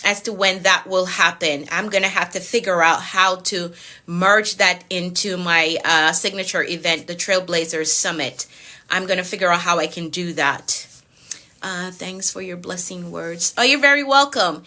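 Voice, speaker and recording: Bright Jamaican woman coach. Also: on the low side, normal speed. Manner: repeats phrases for emphasis, chats with viewers by name; recites declarations in a steady repeated pattern. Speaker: productivity coach. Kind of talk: live-stream motivational talk with spoken decrees.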